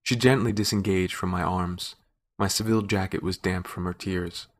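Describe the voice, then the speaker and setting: A man narrating a fantasy story in a measured, wry storytelling manner. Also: low-pitched, steady tone. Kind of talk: scripted narration.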